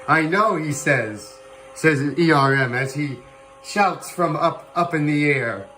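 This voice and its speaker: A man hosting a livestream, giving playful live commentary on a virtual airshow, excitable and prone to whoops and chuckles. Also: on the high side, slow, a little hiss or hum, poor audio. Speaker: livestream host. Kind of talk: playful live commentary on a flight sim show.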